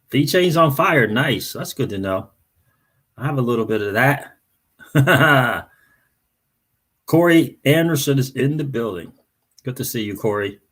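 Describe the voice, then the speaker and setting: A man's voice: mid-range voice, animated, unhurried, pauses often, a bit bright, slightly rough. A man hosting a crypto livestream, chatting casually, greeting viewers by name and repeating phrases. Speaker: crypto channel host.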